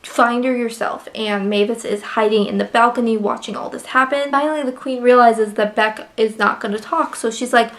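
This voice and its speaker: A woman's voice: fairly high pitch, fairly quick, hardly any pauses, a bit bright. A young woman casually recapping a novel she loved, emotional and full of fillers. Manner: gushing, emotional, filler-heavy retelling. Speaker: book reviewer. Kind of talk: casual book review chat.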